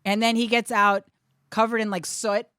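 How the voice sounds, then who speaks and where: A middle-aged woman, a comedian guest, telling animated stories in casual chat, acting out quotes and swearing freely. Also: on the high side, normal speed, clean tone, dry recording, studio quality. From USA.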